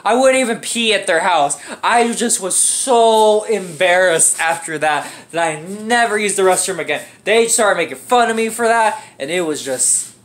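A man's voice: high-pitched, moderate pace, hardly any pauses. A young man telling an embarrassing story in a casual, profane, dramatic way. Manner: animated, profane, dramatic with acted-out grunts.

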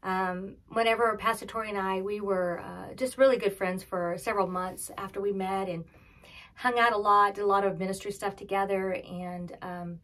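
Woman pastor, middle-aged, conversational sermon delivery with hushed emphasis. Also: mid-range voice, fairly even intonation, normal speed. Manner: conversational storytelling with fillers, dropping to soft near-whispers for emphasis.

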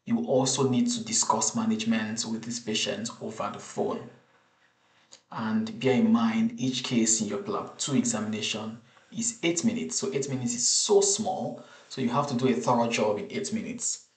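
A man teaching an exam case over slides, in a measured, explanatory way with frequent restarts. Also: on the low side. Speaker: medical exam tutor. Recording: roomy echo.

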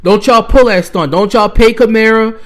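A man's voice: high-pitched, normal speed. A young man, hosting a podcast and ranting with heated exasperation as a sports fan. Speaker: podcast host. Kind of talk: fan rant.

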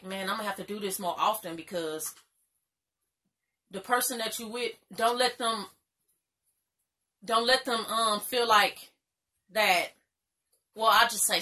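A young woman talks straight to the camera in a bright, forceful voice. She gives casual, emphatic advice and repeats her points with informal slang. At times she is close to tears. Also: medium pitch. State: crying at times. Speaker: vlogger.

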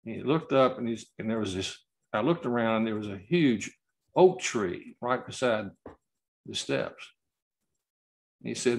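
A man giving an award acceptance speech over a video call, telling a story slowly and haltingly and choking up at times. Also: mid-range voice, lively intonation, gravelly. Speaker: award recipient.

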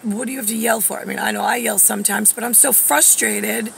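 A woman in her forties rambles through a personal monologue with a gravelly, creaky edge. Her voice sounds bright and tense, and she drifts off topic, fills gaps with "um" and "like," and works herself up until she swears. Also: mid-range voice, steady tone, fairly quick, a little hiss or hum. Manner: digressive, many fillers, grows heated and swears. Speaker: vlogger.

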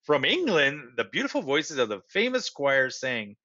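A man, a teacher, reading a children's storybook aloud with expressive narration. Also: fairly high pitch, normal speed, muffled recording.

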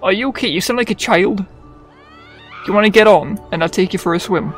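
A young man giving goofy, excitable let's-play commentary, swearing freely and chatting to the characters on screen. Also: sits high, brisk, soft background music. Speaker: gamer.

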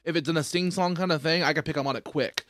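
A man hosting a casual comedy podcast, talking in an animated, rambling way and slipping into impressions. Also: fairly high pitch, fast talker, dry recording, studio quality. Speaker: podcast host.

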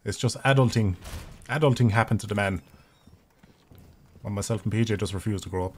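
An Irish man in his thirties talks quickly and swears freely as he streams a game, his voice sitting a little low. Faint game sounds run quietly behind him. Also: a little hiss or hum. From Ireland. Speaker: gaming streamer. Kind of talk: casual live gameplay commentary.

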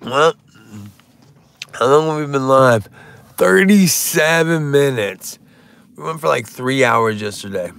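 A man's voice: mid-range voice, animated, slow pace, creaky, long pauses, a bit bright, a little hiss or hum. A young man doing rambling stand-up on a live stream, swearing often and drifting into silly bits. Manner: rambling, swears a lot, breaks into silly songs.

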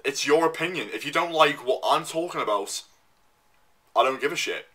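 A young man rants straight into his camera in a tense, bright voice that sits a little high for a man. He swears at every turn, circles back on his own phrases and keeps pushing himself into a worked-up, scornful tirade. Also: animated, normal speed. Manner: swears constantly, repeats himself, loud and worked up. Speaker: vlogger. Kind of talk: profane ranting monologue.

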